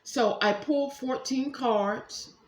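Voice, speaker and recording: A woman giving a casual tarot reading at home, chatty and animated, talking straight to her viewers. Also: high voice, slow pace. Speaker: tarot reader. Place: room at home. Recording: echoey room.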